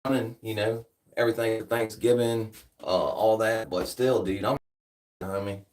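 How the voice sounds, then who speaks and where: A man's voice: on the low side, little pitch movement, moderate pace, darkish tone. A man with a Southern US accent chatting casually with viewers, laid-back and slangy, tired after a workout. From United States. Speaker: streamer. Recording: distant from the mic.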